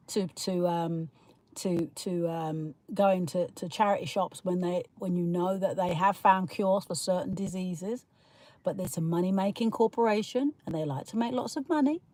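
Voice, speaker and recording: A woman's voice: mid-range voice, darkish tone, no echo. A woman hosting a casual livestream, rambling through her opinions, laughing often and greeting viewers as she reads their comments. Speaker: livestream host reading chat comments.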